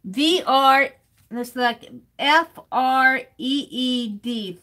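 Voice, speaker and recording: Bright, lively woman streaming her crafting. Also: high-pitched, extremely slow. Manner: chatty, talks to viewers by name, sounds out words playfully. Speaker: live-streaming artist. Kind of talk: casual live-stream chat while crafting.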